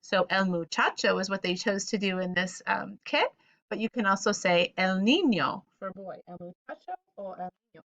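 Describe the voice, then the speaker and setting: This woman's voice is medium in pitch and fairly bright, though the audio itself sounds dull. Teaching Spanish vocabulary to children, she patiently says each word slowly and clearly, then invites listeners to repeat it.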